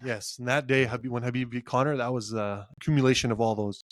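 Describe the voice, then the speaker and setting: A man co-hosting a casual sports podcast, telling animated stories, acting out quotes and laughing often. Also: mid-range voice, quick pace, no room sound, clean studio sound. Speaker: podcast co-host.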